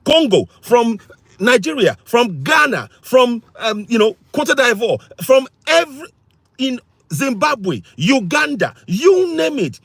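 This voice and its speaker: Livestream host, man, high voice, dry close sound, insistent and repetitive. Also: very animated, slow pace, a bit bright, husky, no echo. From Africa. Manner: insistent, repetitive, reads and answers chat comments. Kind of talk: impassioned political livestream talk.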